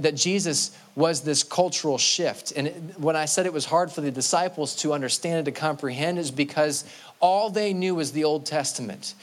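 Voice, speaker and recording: A male pastor preaching a sermon in an earnest way, often repeating and restarting words and slowing down to stress quoted scripture. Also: on the high side.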